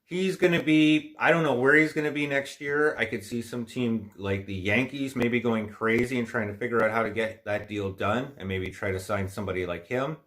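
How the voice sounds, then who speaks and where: A man's voice: mid-range voice, moderate pace, few pauses, fairly bright tone. Man, livestream host, casual chat, rambling, opinionated, stuffy nose.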